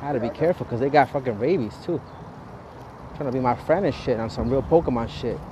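A man talks into his phone as he walks a city street, chatting casually and swearing freely while he plays a mobile game. His pitch sits mid-range. Traffic and street noise run clearly behind him the whole time. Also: fast talker. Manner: profane, chatty, loud exasperated outbursts. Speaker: vlogger playing a mobile game. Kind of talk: casual live walking vlog. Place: outdoors on a city street, walking.

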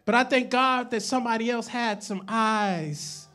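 A man pastor preaching a sermon to a live congregation, calling for responses, swinging from loud declarations to hushed asides, and joking with laughing asides. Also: extremely high pitch, a little slow. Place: church service with live congregation.

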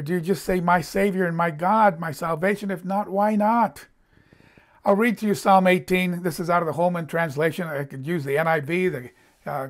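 A man preaching a sermon, earnest and emphatic, who slows down to dwell on scripture phrases and puts direct questions to his listeners. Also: fairly high pitch. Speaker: pastor.

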